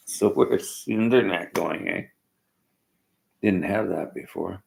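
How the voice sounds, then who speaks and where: A man holds forth on politics in a very deep, gravelly voice. He rambles and jabs bluntly at whoever disagrees with him. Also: slow, darkish tone, rough recording. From Canada. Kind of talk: political rant to viewers.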